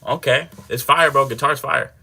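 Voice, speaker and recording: A man's voice: medium pitch, moderate pace, gravelly, bright, forceful tone. A young man hosting a fitness livestream, chatting casually with viewers in a slangy, laid-back way.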